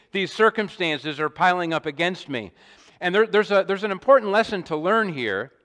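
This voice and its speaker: A man preaching an expository sermon in a measured, deliberate way, with emphatic rises and small restarts. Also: a little high, fairly bright tone. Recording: long hall reverb.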